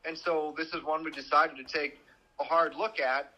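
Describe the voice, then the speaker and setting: A man's voice: fairly high pitch, flat delivery, moderate pace, bright, forceful tone, dull audio. A man who works as a news reporter, talking on a podcast and recounting events in a direct way. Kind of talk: conversational true-crime podcast.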